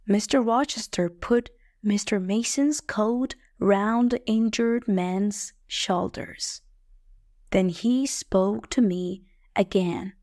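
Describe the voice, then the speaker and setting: A woman narrating a story in the first person for English learners, slow, plain and clearly spoken. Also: medium pitch, darkish tone, no room sound, clean studio sound. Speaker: audiobook narrator.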